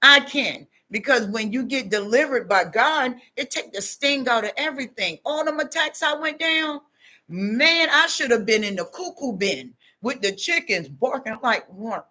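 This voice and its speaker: A woman, giving a loud, animated motivational talk to her viewers and laughing often. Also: on the high side, normal speed. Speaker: online talk host.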